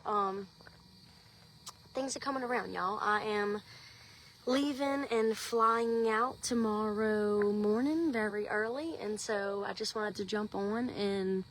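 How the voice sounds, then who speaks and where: A woman's voice: medium pitch, a little hiss or hum. A young woman with a Southern accent, chatting casually in a live stream from her garden. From Louisiana. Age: young adult. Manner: chatty, rambling, says y'all often. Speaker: social media personality. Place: outdoors in her home garden.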